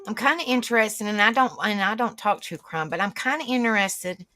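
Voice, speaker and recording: This middle-aged woman hosts a live stream, chatting casually with viewers and rambling as she reacts aloud to the chat. Her medium-pitched voice runs a little fast and sounds pushed and bright.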